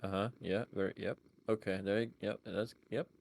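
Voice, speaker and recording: A man's voice: fairly low pitch, fairly even intonation, normal speed, creaky, darkish tone. Joking New York man on a call. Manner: joking, rambling, self-deprecating. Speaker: guest on voice call. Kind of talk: casual stream chat.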